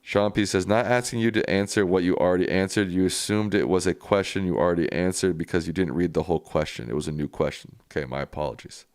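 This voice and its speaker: A man's voice: low voice, fast talker, few pauses, darkish tone, smooth, no echo, clean studio sound. A man hosting a live stream, reading viewer comments aloud and answering them in a casual, plainspoken way.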